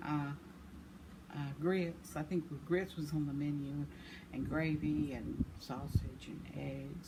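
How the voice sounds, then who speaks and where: Chuckling older woman, rambling. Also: fairly low pitch. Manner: rambling, chuckling, self-deprecating. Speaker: vlogger. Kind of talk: casual storytelling. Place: home. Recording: noisy home recording.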